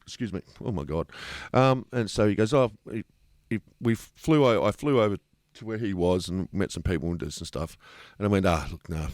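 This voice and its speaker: Blunt man, low voice. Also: expressive, a little fast, a little mellow, dry recording, clean studio sound. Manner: blunt, swears freely, acts out quoted dialogue. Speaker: company founder and CEO. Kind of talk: casual interview storytelling.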